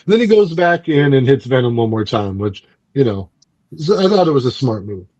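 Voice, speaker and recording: A man's voice: mid-range voice, sing-song, fairly quick, a little mellow, no echo, dull audio. Man rambling through a comic recap. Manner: rambling, frequent fillers and restarts. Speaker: book club podcast host. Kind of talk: casual comic book recap and review.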